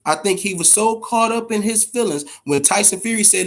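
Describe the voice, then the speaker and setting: A man with a fairly high speaking voice hosts a casual boxing podcast. He talks emphatically and curses freely, often stumbling over repeated words as he gets worked up. Now and then he answers his viewers' comments directly. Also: fairly quick, gravelly, hardly any pauses, a bit bright. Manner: profane, emphatic, repeats words when fired up; addresses chat viewers directly. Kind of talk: casual live-stream commentary.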